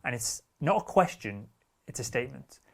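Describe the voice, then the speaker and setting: A man's voice: mid-range voice, very animated, moderate pace, vocal fry. Direct, assertive male sales coach. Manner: casual wording with the odd curse. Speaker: sales trainer. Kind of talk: instructional talk.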